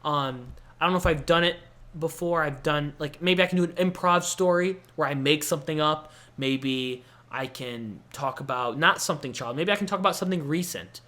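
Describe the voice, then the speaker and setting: A young man hosting his own podcast, telling a childhood story in a rambling, self-mocking way with quick bursts of excitement. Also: fairly high pitch. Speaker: podcast host. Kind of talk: casual storytelling monologue.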